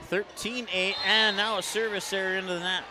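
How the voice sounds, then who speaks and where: A man with an Upper Midwest American accent doing play-by-play commentary on a high school volleyball match in a gym, calling plays fast and shouting on big points. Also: fairly even intonation. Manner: rapid calls that rise to shouts on big plays. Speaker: play-by-play announcer. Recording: noisy gym broadcast.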